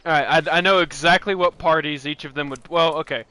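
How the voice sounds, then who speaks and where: A man's voice: fairly high pitch, fairly even intonation, a little fast, sharp tone, clear, resonant tone, no room sound. A young man hosting a gaming channel, chatting casually while he plays, rambling and laughing often as he restarts his sentences. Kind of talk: casual let's-play chat.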